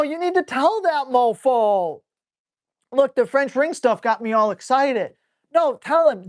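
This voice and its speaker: A man who trains dogs, answering viewer questions on a live stream in a blunt, excitable, salty way, breaking into quick acted asides. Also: very high voice.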